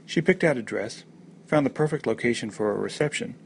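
A man reads his own short fiction in a measured, wry voice. His tone is gravelly, with a mid-range pitch. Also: lively intonation, a little hiss or hum. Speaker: story contributor. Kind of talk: reading short stories aloud.

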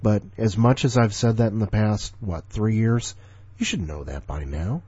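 40s dude hosting his podcast, grumbly and sarcastic, low husky voice, dry muffled mic. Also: expressive, moderate pace, dark tone. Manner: offhand, grumbling, sardonic. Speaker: podcast host. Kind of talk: casual rambling chat.

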